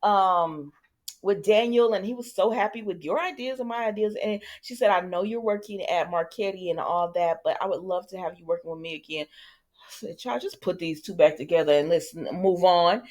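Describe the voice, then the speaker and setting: A woman's voice: fairly low pitch, a little fast, darkish tone. A woman casually recapping soap opera scenes in a sassy, chatty way, talking straight to her viewers and acting out the characters' lines.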